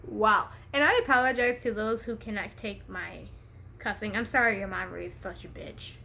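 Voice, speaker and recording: With a creaky, bright, forceful medium-pitched voice at a moderate pace, a young woman tells a story in a casual vlog from her home room, which she shares with a pet bird. She's hyper on caffeine: giggly, profane, rambling, easily distracted, and laughing often. Slight background noise is audible.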